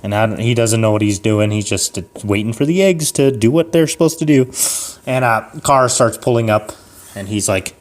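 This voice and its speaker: A man's voice: lowish voice, lively intonation, moderate pace. Young man rambling through a comic story. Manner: rambling, laughing, acting out characters. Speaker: podcast co-host. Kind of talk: improvised comedic storytelling.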